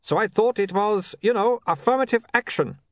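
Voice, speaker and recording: A man's voice: high-pitched, animated, normal speed, no echo, studio quality, pitched above the performer's own voice. A man reading an audiobook voices a formal, eager male vampire photographer with stiff, foreign-sounding phrasing. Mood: earnest.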